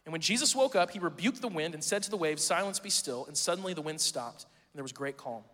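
A man's voice: fairly high pitch, expressive, fast talker, a bit bright, in a large hall. A man preaching a sermon as pastor, casual and joking, reading scripture and adding playful asides.

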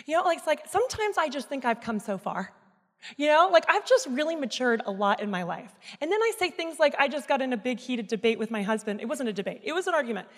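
A woman's voice: high voice, fast talker. Woman preaching with a long hall echo. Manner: candid and animated, self-mocking asides. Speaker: speaker at a church service. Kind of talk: sermon with personal storytelling. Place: church auditorium. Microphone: microphone. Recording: echoey hall sound.

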